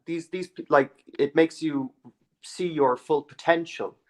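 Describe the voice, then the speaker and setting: A man in casual chat on a stream, halting, repeating words and chuckling. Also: on the high side.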